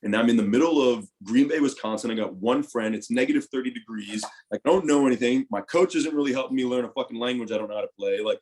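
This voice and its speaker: A young man tells his story as an interview guest, animated and profane, with a voice at an ordinary middle pitch. His volume swings between loud bursts and hushed asides as he talks. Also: fast, hardly any pauses. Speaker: podcast guest, retired football player.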